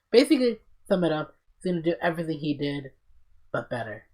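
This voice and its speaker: A man hosting a casual podcast, telling stories in an excited, profane, rambling way. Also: a little high, fast. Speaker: podcast host.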